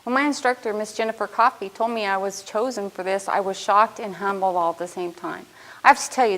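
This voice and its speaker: A woman in her fifties stands to give a prepared speech as a student speaker. Her voice sits in a middle pitch, and she tells her own story in an earnest, heartfelt way. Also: fairly bright tone, poor audio. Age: 50s.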